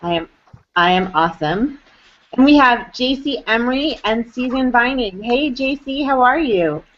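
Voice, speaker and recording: A woman hosting a live online chat show, upbeat and quick to laugh. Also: on the high side, animated. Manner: bubbly, upbeat, laughs easily. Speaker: host. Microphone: video call. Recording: dull lo-fi web call audio.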